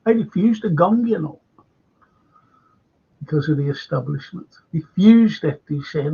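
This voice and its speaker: A man hosting a live football fan show, rambling and indignant, with a gravelly voice on dull lo-fi audio. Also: on the high side, animated, measured pace, pauses often, warm tone. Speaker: football podcast host. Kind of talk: live-streamed fan chat.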